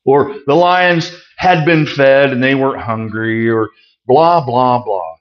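A man's voice: medium pitch, takes it slowly. A man teaching a sermon on a Bible passage, reading scripture aloud and explaining it in a plain, conversational way with emphatic asides. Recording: muffled lo-fi recording.

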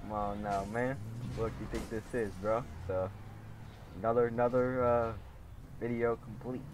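A man's voice: medium pitch, normal speed, noisy background. A young man commenting on his own gameplay, slangy and profane, repeating catchphrases and taunting other players. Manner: taunting and laughing when excited.

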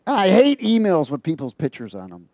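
An animated male preacher with a fairly high voice, talking through a psalm and poking fun at his listeners as he goes. His sound is dry and close, with almost no room around it. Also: fairly quick, no room sound. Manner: animated, mocking and laughing at his own asides. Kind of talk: informal sermon on a psalm.

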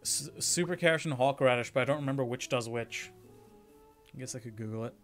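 A man chatting on a game stream in an easy, joking way. He muses aloud over game stats and choices as he plays. His voice sits at an ordinary middle pitch. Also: fairly quick, faint music behind. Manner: relaxed, jokey, thinks aloud about game stats. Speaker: streamer playing a video game. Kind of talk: casual game-stream chat.

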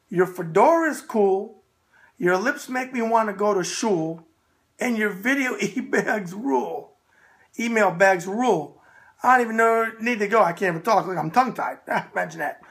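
A man hosting his show, reading viewer letters aloud and answering in a blunt, animated, casual way, repeating catchphrases. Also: high voice, vocal fry. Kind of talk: casual emphatic talk.

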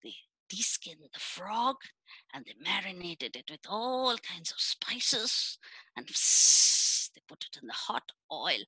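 Woman storyteller, slow and expressive, bright dry sound, children's tale. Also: lowish voice, slightly rough, no echo, low-quality recording. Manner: animated, dramatic, drawn-out phrasing.

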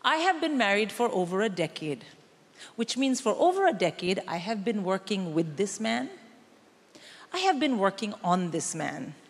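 A woman's voice: medium pitch, sing-song, moderate pace, slight background noise. A woman from India performing a stand-up routine on stage, brash and exasperated, telling stories with mock indignation. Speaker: stand-up comic. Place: theatre stage with live audience. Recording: live venue with long reverb.

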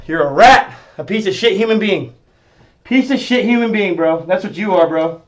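A man streaming live, ranting at his chat in a profane, confrontational way, swinging between muttering and yelling. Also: sits high, lively intonation, normal speed. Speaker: livestreamer.

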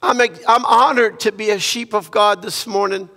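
A man's voice: high voice, steady tone, normal speed, pushed and bright, in a large hall. A man from Louisiana preaching a sermon as a guest pastor, impassioned and repetitive, moving into prayer. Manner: impassioned preaching, repeats phrases, ends in prayer. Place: church sanctuary.

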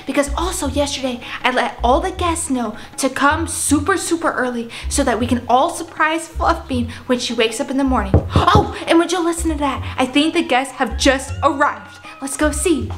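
A young woman vlogger play-acting a birthday party with plush toys, gushing and excitable, full of gasps and "like". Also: sits high, moderate pace, few pauses, echoey room, music in the background. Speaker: vlogger staging a toy pet party.

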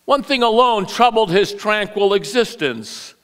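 A man preaching from the pulpit, spinning a story for his congregation. His voice is high and bright, and it swoops up and down with lots of expression. He takes his time, setting each phrase down at an unhurried pace. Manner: animated storyteller, acts out voices. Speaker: pastor. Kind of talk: Easter sermon with storytelling. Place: church sanctuary.

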